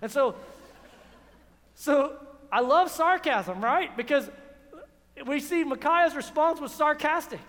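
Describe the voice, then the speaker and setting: A man preaching a sermon in a sarcastic, quick manner, often repeating words, in a church. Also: very high-pitched, animated, fairly bright tone. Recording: long hall reverb.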